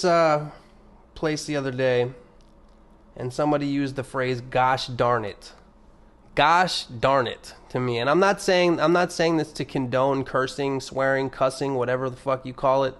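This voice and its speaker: Profane rambling male podcast host. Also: mid-range voice. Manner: rambling, profane, restarts often; sardonic, swings between loud emphatic bursts and mumbled asides. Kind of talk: casual solo podcast monologue.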